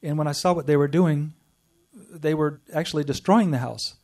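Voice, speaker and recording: A man giving an earnest personal testimony to a group, telling his story with pauses and restarts. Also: a little high, darkish tone, distant mic. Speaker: speaker sharing a personal spiritual story.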